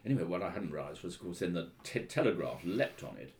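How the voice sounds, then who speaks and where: This historian and author speaks in a low, expressive voice at a quick clip with hardly any pauses. In an interview he shares anecdotes with wry amusement, hesitating through plenty of ums and restarts.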